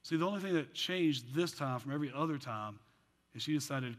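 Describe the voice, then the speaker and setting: A man preaching a sermon as pastor, animated with joking asides, then dropping into quiet earnest passages. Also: mid-range voice, a little fast. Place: church sanctuary. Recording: long church hall reverb.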